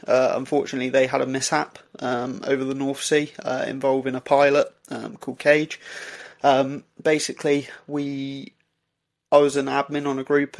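Gravelly man telling a story. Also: mid-range voice. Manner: halting, many "um"s and restarts. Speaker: podcast co-host. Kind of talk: casual storytelling. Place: indoor recording for podcast.

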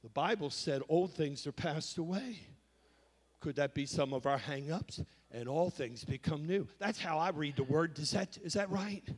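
A man's voice: on the high side, moderate pace, breathy edge. A man preaching a sermon as pastor, quoting scripture with rising intensity. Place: church sanctuary. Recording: long reverb of a church hall.

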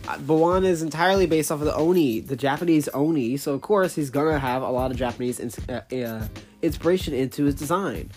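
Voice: mid-range voice, brisk, a little mellow. Rambling casual talker, faint music behind. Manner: rambling, with many fillers and self-corrections; casual, swears freely. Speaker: creator explaining their own characters. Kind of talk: casual unscripted talk.

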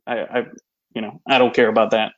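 A man, explaining slang in a relaxed, hesitant, casual podcast chat. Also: fairly low pitch, brisk. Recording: slightly muffled lo-fi audio.

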